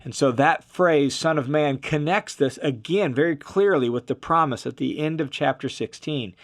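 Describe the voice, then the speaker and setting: A man teaching through a Bible passage verse by verse, in a relaxed, explanatory way with casual asides. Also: on the high side, normal speed. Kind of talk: conversational verse-by-verse Bible commentary.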